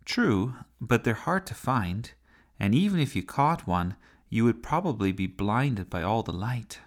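A man's voice: very animated, unhurried. Sophie, a man doing a bossy little girl. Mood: chatty. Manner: pitch raised for a child voice. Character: young girl, bossy and imaginative. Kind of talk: children's storybook reading.

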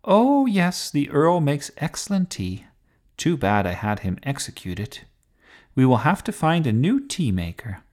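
A haughty, fussy queen from a children's storybook, talking down to everyone in a prim, lofty tone, put on by a man reading aloud. Her voice sits raised and swoops about in lively curves. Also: fairly high pitch, unhurried, pitched above the performer's own voice.

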